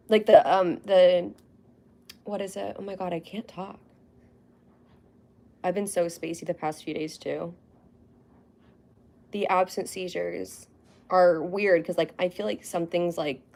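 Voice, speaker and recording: A woman's voice: on the low side, creaky, a little mellow. A young woman hosting a casual livestream, chatting in a rambling way with frequent fillers and laughs. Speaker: livestream host.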